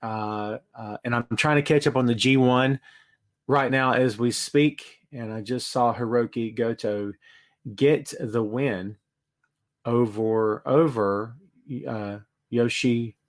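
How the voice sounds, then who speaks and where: A man hosts a casual live-stream podcast from his home studio, chatting and greeting viewers by name. His mid-range voice stays steady in tone, and he speaks slowly.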